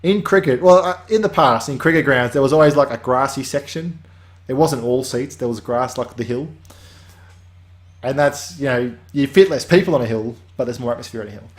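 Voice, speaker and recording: A man's voice: mid-range voice, brisk. A man hosting a weekly game update, talking casually in a rambling way that drifts off on tangents and restarts often.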